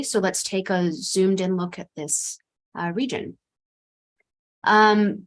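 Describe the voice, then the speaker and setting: A woman presenting a research seminar over a video call, measured and explanatory, with frequent pauses. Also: mid-range voice. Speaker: seminar speaker.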